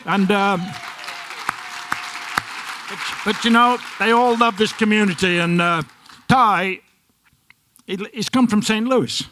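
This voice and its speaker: A man's voice: sits high, slow, pauses often, pushed and bright, some chatter behind, slight background noise. A man speaking at a tribute night, telling anecdotes about former players and repeating words as he goes. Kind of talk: speech at a tribute event.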